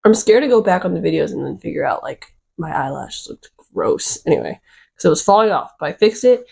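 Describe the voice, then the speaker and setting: A woman vlogger telling a rambling, excitable storytime, full of fillers and little giggles. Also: deep voice, a little fast, creaky, slightly rough. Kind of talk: casual storytime chat.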